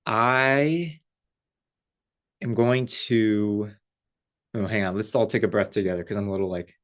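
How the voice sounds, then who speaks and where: A man, a life coach, giving a casual, animated spiritual talk with lots of fillers and frequent laughter. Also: fairly low pitch, a little slow, pauses often.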